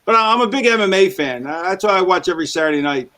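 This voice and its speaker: A man's voice: sits high, expressive, racing, a bit bright. A man chatting as a guest on a podcast, rambling and tripping over his words now and then. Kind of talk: casual chat.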